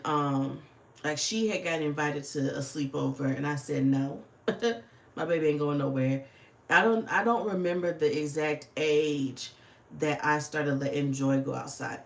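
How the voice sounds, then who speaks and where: A woman's voice: low voice, creaky, echoey room. A woman, chatting casually and swearing freely on a livestream. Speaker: livestream host. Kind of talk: casual livestream chat while planning.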